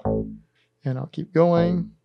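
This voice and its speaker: A man hosting a synthesizer tutorial, calmly talking through each button press in a methodical step-by-step demonstration. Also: fairly high pitch, very slow, creaky, lo-fi sound, faint music behind.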